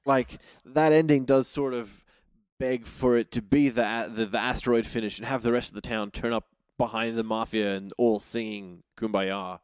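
A man's voice: medium pitch, steady tone, moderate pace, clean tone. A man with a mid-range voice talks as a podcast guest, hesitant and full of fillers as he works his way through a thought, often chuckling. The recording is close and dry with no room echo. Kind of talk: casual chat.

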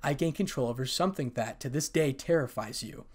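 A man voicing a bitter young man who coldly confronts friends who betrayed him and breaks into angry shouting. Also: medium pitch, a little fast, breathy edge, close to an everyday voice. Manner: cold and scornful, bursting into shouting.

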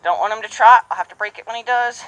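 A woman's voice: on the high side, quick pace, fairly bright tone, no echo, poor audio. A woman horse trainer who explains each step aloud and murmurs soothingly to the horse she is working with. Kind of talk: narrated training session. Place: horse arena or round pen. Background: hoofbeats and horse sounds.

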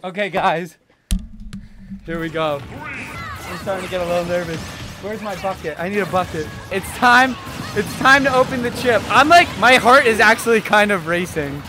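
A man hosting his own vlog speaks in a high, excitable voice, calling out to his viewers as he goes. Clear background music plays under his casual commentary. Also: normal speed. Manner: excitable, talks straight to viewers. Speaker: streamer and video host.

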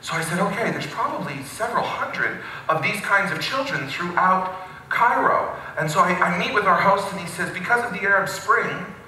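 A male pastor telling a story in a sermon, animated and with wry asides. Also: high voice, slight background noise. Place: church sanctuary. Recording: very echoey hall, from a distance.

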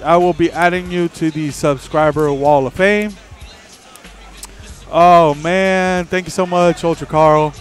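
Male stream host, slightly high voice, swears freely, animated storyteller; light music underneath. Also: unhurried. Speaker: livestream host.

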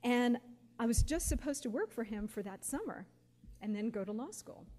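Woman in her 40s telling stories to a crowd, warm mellow voice, long echo in a big hall. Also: on the high side, moderate pace. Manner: lively anecdotal storyteller, quotes others with feeling. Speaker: guest speaker. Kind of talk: personal storytelling to an audience. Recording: long hall reverb, faint background noise.

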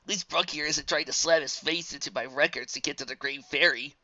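A woman's voice: low-pitched, brisk, no room sound, muffled recording, heavily acted. A woman voicing an easygoing, teasing female pony DJ in a fan audiobook reading. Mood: breezy. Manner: breezy, teasing, relaxed.

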